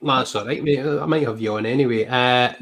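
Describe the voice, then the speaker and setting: A man's voice: medium pitch, fairly quick, a bit bright, a little hiss or hum. A man with a Scottish accent hosting a football podcast, chatty and upbeat as he signs off, on a video call. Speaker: podcast host and football commentator. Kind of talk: casual podcast sign-off.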